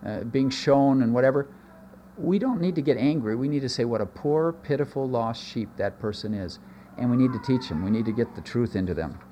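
Man preaching, earnest sermon, rises and dips for emphasis, mid-pitched voice, faint hiss behind. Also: a little mellow. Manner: earnest preaching, voice rising for emphasis and dropping low in asides. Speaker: pastor.

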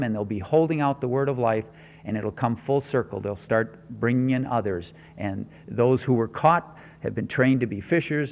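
A man preaching a sermon as pastor, earnest and measured, with emphatic rises. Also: mid-range voice, a little mellow, in a large hall, a little hiss or hum.

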